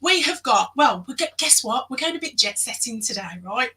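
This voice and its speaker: A woman guest-hosting a live online show, chatting loudly and excitably and greeting viewers by name. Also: fairly high pitch, moderate pace, far from the mic, rough recording. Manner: loud and excitable; chatty, reads out viewer comments. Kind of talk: live-stream hosting chat.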